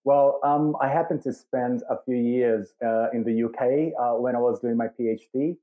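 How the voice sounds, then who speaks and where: A Brazilian man speaking English with a British-tinged accent, answering thoughtfully with many pauses as an interview guest. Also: medium pitch, fairly even intonation, phone-quality sound. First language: Portuguese. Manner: thoughtful, hesitant, with many fillers. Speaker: guest, church leader.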